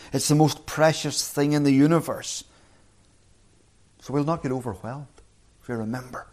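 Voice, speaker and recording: A man preaching a sermon, earnest, slowing down and rising in pitch when quoting scripture. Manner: earnest, slows and rises on scripture quotes.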